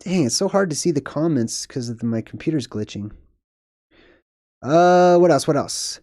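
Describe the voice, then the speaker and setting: Animated and a little high, with a darkish tone, this young man speaks at normal speed in clean studio audio with no echo. Hosting a live stream, he rambles chattily through viewer comments and laughs at himself.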